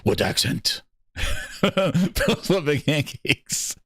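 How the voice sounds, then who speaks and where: A man hosts a comedic gaming livestream, joking and exclaiming as he goes. His voice is husky and rough at the edges, and his pitch jumps about a great deal. The sound is dry and close. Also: very slow, no room sound. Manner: animated, joking, exclaiming, laughing often. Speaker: gaming show host.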